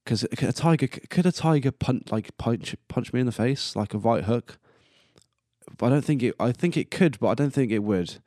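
A man's voice: mid-range voice, animated, normal speed, dark tone, dry recording, clean studio sound. A man in his early twenties hosting a solo podcast in casual, rambling talk, laughing at his own jokes and coughing now and then. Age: 20s. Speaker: podcast host. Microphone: close podcast mic.

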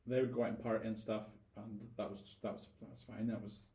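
Northern Irish man, lowish voice, roomy sound. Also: flat delivery, fast, mellow. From Northern Ireland. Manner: thoughtful, repeats words as he gathers thoughts. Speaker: guest. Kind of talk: casual interview storytelling.

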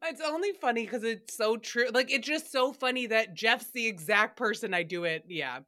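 A woman's voice: fairly high pitch, moderate pace, sharp tone. A woman hosting a casual solo recap podcast, chatty and profane, often breaking into laughter. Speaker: podcast host.

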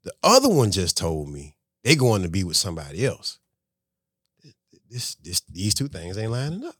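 A man, a restaurant owner and podcast guest, telling a story in a casual, animated way and acting out conversations. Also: low-pitched, normal speed, husky, dry recording, clean studio sound.

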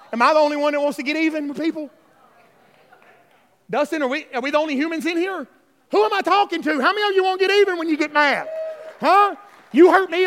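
A man's voice: very high voice, pushed and bright, in a large hall. A male pastor preaching a sermon, emphatic and repetitive, calling out to his congregation. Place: church sanctuary.

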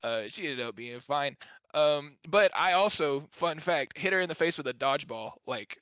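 A man's voice: fairly high pitch, animated, moderate pace, sharp tone, clear, resonant tone, no room sound. A young man telling stories in casual chat with friends, rambling with lots of "like" fillers and laughing as he goes. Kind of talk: casual storytelling among friends.

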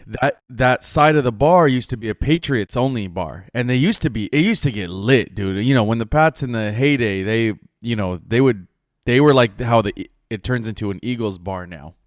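A man's voice: lowish voice, dry recording, studio quality. A man co-hosting a podcast, telling a story in casual chat, acting out the people he quotes and swearing freely. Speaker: podcast co-host.

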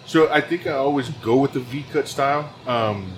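A Texan man speaking at an ordinary pitch in a relaxed, conversational way, often chiming in to agree. Clear background noise runs under his voice. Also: moderate pace. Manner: laid-back, chimes in with agreement. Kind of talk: casual chat.

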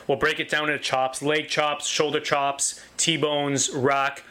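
Bright, eager-sounding butcher shop owner. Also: male voice, fairly high pitch, level tone, takes it slowly. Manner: enthusiastic, repetitive, many restarts. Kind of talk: casual interview talk.

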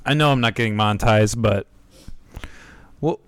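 A man's voice: on the low side, normal speed, clear, resonant tone, dry recording. A man hosting a podcast, easygoing and swearing casually. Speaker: podcast host.

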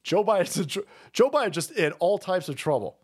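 A man's voice: high voice, big pitch swings, a little fast, husky. A man hosting a livestream, ranting about politics in a heated, crude and mocking way and swearing constantly. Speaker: livestream host. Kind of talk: profane political rant on a livestream.

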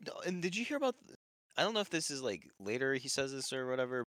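Man, podcast co-host, laid-back movie chat, lively pitch, dry sound. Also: fast talker, no room sound. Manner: laid-back, fillers like "dude" and "like".

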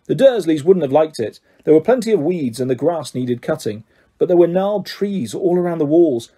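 A man reading a children's fantasy story aloud, narrating in a steady, measured way. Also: a little high, husky. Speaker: audiobook reader.

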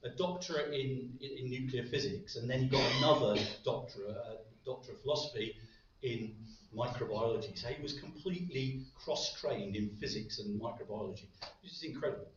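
A man's voice: medium pitch, a little fast, a little hiss or hum. Male preacher, light-hearted sermon delivery, heavy reverb, distant dull room sound. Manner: light-hearted, with joking asides. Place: large echoey church hall. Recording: very echoey, distant, dull hall recording.

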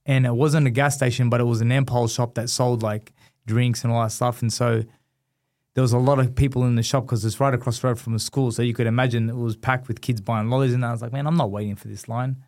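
A man's voice: mid-range voice, fast. A man, telling a personal story in a casual interview and acting out the dialogue. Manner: animated storyteller, acts out dialogue. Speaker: guest, former boxer.

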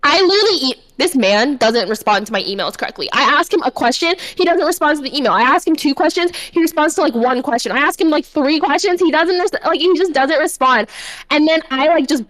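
A young woman with a high voice tells a long, animated story as a podcast co-host. Her talk is casual and full of swearing and "like". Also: fairly quick, poor audio. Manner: animated ranting, swearing, lots of "like". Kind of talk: casual chat.

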